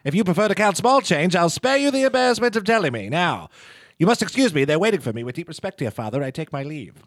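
A man playing a pompous 1930s banker heir, Mid-Atlantic accent, raised and lofty, lively pitch. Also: quick pace, dry recording. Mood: haughty. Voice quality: clipped, declamatory.

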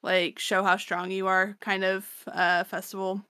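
A woman's voice: mid-range voice, level tone, a little slow, bright, forceful tone, clear, resonant tone, no echo, studio quality. A woman co-hosting a podcast, recapping chapters in casual chat, full of fillers and laughter. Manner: chatty, lots of fillers and laughter. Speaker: podcast co-host.

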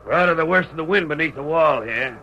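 An actor playing a crude, mocking frontier scout who talks in folksy Western slang. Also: male voice, on the high side, fast, sharp tone, lo-fi sound, slight background noise. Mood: jeering.

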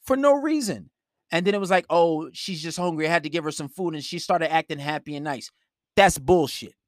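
A man's voice: a little high, a little fast, no echo, studio quality. Blunt, profane man streaming live. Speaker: live streamer giving dating advice. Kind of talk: casual advice rant.

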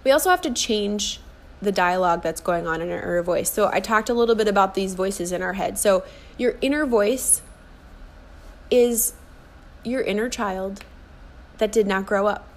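A woman's voice: mid-range voice, moderate pace, pauses often. A woman in her forties, a life and fitness coach, giving an earnest motivational podcast monologue and repeating key phrases for emphasis. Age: 40s.

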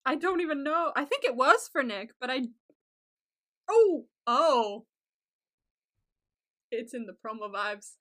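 A young woman with a high, bright voice chats casually on a podcast. She is excitable, giggles often and swears freely. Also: slow, pauses often. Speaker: podcast co-host. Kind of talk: casual chat.

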